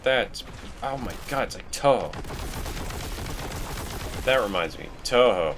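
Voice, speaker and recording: A man's voice: fairly low pitch, expressive, slow, noisy background. A man rambling in casual, self-deprecating commentary while he plays a video game. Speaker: let's play host.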